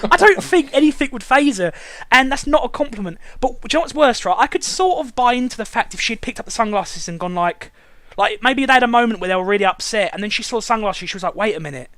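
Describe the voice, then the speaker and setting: A man's voice: very high-pitched, expressive, fast, fairly bright tone, slight background noise. A man hosting a casual review chat, ranting sarcastically and swearing often. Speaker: show reviewer and host.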